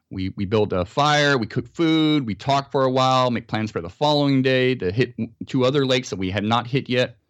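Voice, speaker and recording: A man's voice: mid-range voice, no echo. An American man, a podcast guest, telling a story in a casual interview and acting out sounds and quotes.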